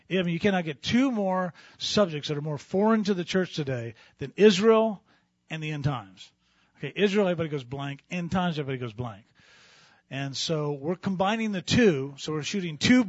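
A man's voice: on the high side, no room sound, highs cut off. A middle-aged male pastor teaching a sermon in a conversational, self-deprecating way, often restarting his sentences.

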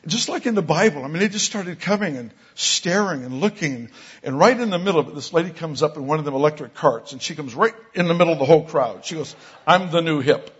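A man preaching a sermon, telling stories with an animated delivery that gets loud for the lines he quotes. His voice is husky, and the recording is dull and lo-fi. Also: on the high side, fast talker. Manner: animated storyteller, rising loud for quoted exclamations. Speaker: pastor. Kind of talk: sermon storytelling. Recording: dull lo-fi sound.

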